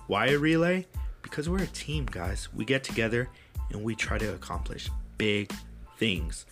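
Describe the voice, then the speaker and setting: A man's voice: lowish voice, normal speed, fairly bright tone, faint music behind. A man hosting a casual podcast with friends, loose and joking, swearing freely. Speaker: podcast host.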